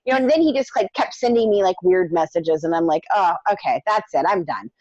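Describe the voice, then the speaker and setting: A middle-aged woman telling her story in a casual interview, animated and climbing to high exasperated tones. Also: a little fast, no room sound, lo-fi sound. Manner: animated, rising to high exasperated pitch when retelling exchanges. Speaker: documentary creator interviewed as guest.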